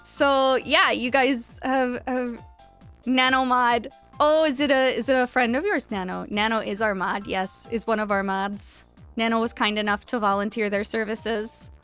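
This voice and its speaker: A chatty young woman streams a game and talks to her viewers in a loose, giggly way. Her voice sits a little high. Soft game music plays faintly behind her. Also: steady tone, unhurried, clear, resonant tone. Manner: chatty and giggly, thanking followers; reads game dialogue aloud. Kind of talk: casual live-stream chat over gameplay.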